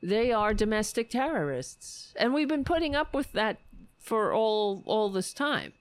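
A woman hosting a political podcast, sneering and swearing freely as she rambles through her commentary. Her voice sits fairly high and leaps up and down, yet she takes her time. The sound is close and dry, with no room echo. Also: sing-song, unhurried, smooth. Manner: sarcastic, profane, mocking; rambling with self-corrections.

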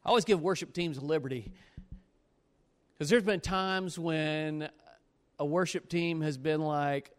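A man preaching a sermon, telling a story with animated swings between loud bursts and low, earnest pleas. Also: unhurried, pauses often, long reverb tail.

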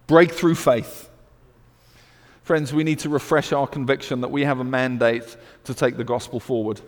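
A man with a British accent preaching a sermon, swinging from loud emphatic declarations to hushed storytelling. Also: mid-range voice, flat delivery, normal speed, long reverb tail.

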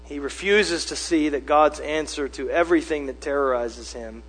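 A male pastor preaching a sermon, conversational at first and then building to loud, emphatic repetition. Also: fairly high pitch, normal speed. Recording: long hall reverb with mains hum.

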